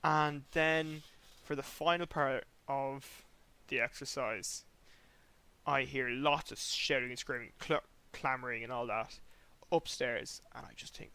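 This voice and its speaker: A young man hosting a podcast, telling a long rambling story in an animated way, acting out sounds and swearing casually. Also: mid-range voice, unhurried, clear, resonant tone. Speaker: podcast host.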